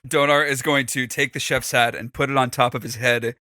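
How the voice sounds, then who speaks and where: A man's voice: mid-range voice, steady tone, brisk, pushed and bright, no room sound, studio quality. A man playing a tabletop game, joking and laughing as he describes his moves. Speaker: player. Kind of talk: casual tabletop play.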